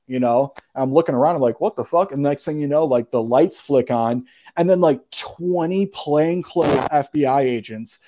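Mellow-voiced man telling a story. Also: medium pitch, normal speed, hardly any pauses. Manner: slangy, profane, keeps saying "bro". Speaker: podcast guest. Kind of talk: casual storytelling.

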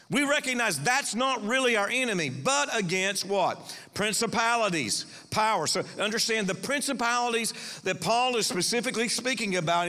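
A man's voice: high-pitched, bright, forceful tone, in a large hall. A man preaching a sermon as pastor, emphatic and calling out to the congregation.

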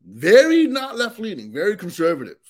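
A man's voice: high voice, wildly swooping pitch, a little fast. A man, a comedian guest on a podcast, in casual chat, slangy and saying "bro" a lot.

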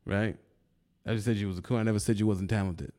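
A man's voice: lowish voice, fairly even intonation, quick pace, warm tone. Man taunting a rival in a rant. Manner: taunting, confrontational, laughs mockingly. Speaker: YouTuber.

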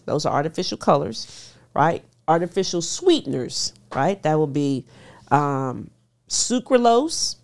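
In a fairly low, slightly mellow voice, a middle-aged nutrition expert chats casually as an interview guest. She hammers home her points, repeating them to drive them in.

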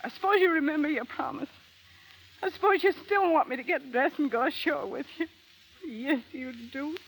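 A woman's voice: high-pitched, normal speed, fairly bright tone, low-quality recording. An actress playing a bitter, defiant young woman confessing a shameful past, in a blunt, slangy, scornful way. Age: young adult. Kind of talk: dramatic acting.

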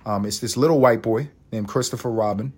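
Husky, excitable male podcast ranter. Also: lowish voice, fairly quick. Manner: profane, excitable, laughs often. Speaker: podcast host. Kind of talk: comedic rant.

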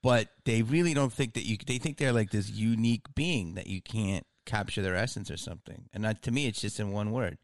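A man's voice: fairly low pitch, a little fast, few pauses, no room sound, studio quality. A man hosting a podcast, talking in a rambling, casual way with frequent laughs and easy swearing. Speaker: podcast host. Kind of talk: casual chat.

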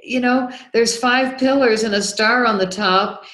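A woman guest telling an animated personal story in an interview, acting out the voices of people in it. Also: fairly high pitch, a little slow. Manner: excitable, acts out remembered dialogue. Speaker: guest, documentary filmmaker. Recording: roomy echo.

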